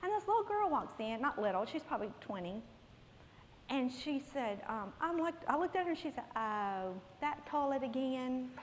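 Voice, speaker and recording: A pastor's wife telling a humorous story to a women's conference, animated and laughing, her voice climbing into near shouts. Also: sits high, a little fast. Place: large church hall with audience. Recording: long hall reverb, faint room noise.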